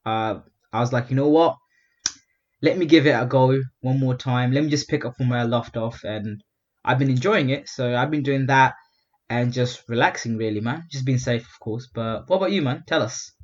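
A man's voice: medium pitch, moderate pace. A young man co-hosting a casual podcast, laid-back and teasing, full of slang. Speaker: podcast co-host. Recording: slightly dull, lo-fi sound.

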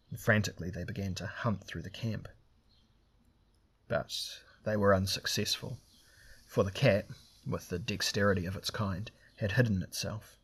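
A man's voice: low voice, fairly even intonation, moderate pace, a bit bright, slightly rough. A man narrating a fantasy story, lifting his voice for the characters' lines. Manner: reads dialogue with raised voices for characters. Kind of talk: audiobook narration.

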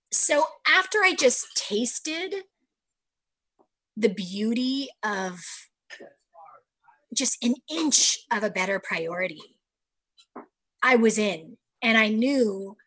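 Woman, thirties, husky, higher voice; earnest personal talk with lively acted-out quotes. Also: slow, rough recording. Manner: earnest, animated, acts out her own quotes.

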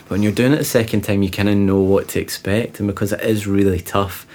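A man, a guest on an interview podcast, telling lively travel anecdotes in a casual way with laughing asides. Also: lowish voice, fast talker. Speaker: interview guest, presenter and explorer. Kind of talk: casual storytelling.

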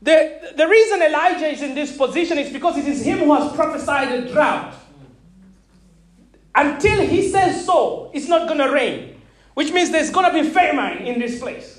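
Lively woman preacher who laughs a lot. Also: high voice, moderate pace. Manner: animated, laughing often, checking in with the audience; repeats words when searching for them. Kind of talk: sermon.

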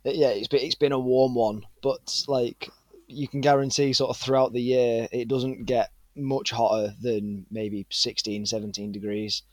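A man in his twenties with a northern English accent, a guest chatting in a relaxed, rambling way with plenty of fillers. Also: medium pitch, normal speed, dry recording. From England. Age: 20s. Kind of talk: casual interview chat.

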